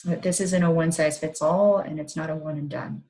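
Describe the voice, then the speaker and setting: Low-voiced gentle woman psychologist. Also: steady tone, fairly quick, low-quality recording. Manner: gentle, reflective, guiding listeners through an exercise. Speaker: psychologist giving a parent talk. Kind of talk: online community talk.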